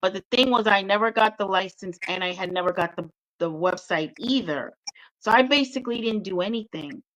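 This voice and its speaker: A woman, a guest author telling her own story in a candid interview, lively and full of quoted voices. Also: mid-range voice, a little fast, poor audio. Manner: animated, mimics voices in quotes.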